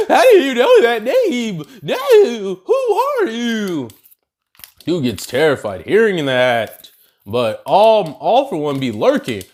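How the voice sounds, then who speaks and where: Man, young adult, casual slangy what-if storytelling, animated, lively intonation. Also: medium pitch. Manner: slangy, animated, addresses viewers as y'all. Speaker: YouTuber.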